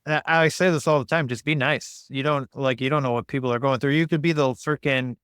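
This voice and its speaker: Male podcast guest, frank and sincere, clear tone, dry close recording. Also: medium pitch, fairly even intonation, brisk, fairly bright tone, dry recording. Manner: open, earnest, speaks frankly about personal struggles. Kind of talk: casual chat.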